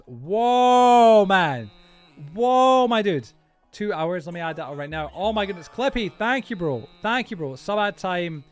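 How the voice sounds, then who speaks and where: A streamer chats live with his viewers as he builds in a game, talking quickly in a high-pitched voice. He rambles, often restarting sentences, and eagerly greets and thanks people. Soft music plays faintly in the background.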